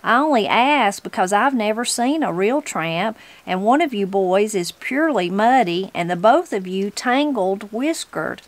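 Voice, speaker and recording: A woman's voice: medium pitch, animated, a little slow, hardly any pauses, natural voice. A woman voicing a spry, hospitable old mountain granny in a storybook reading.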